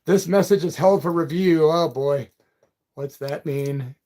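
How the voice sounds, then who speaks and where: A man's voice: a little high, unhurried, warm tone. A man hosting a casual live chat, reading out viewer comments in a loose, friendly way and calling people brother and man. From Peoria, Illinois. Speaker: livestream and radio host.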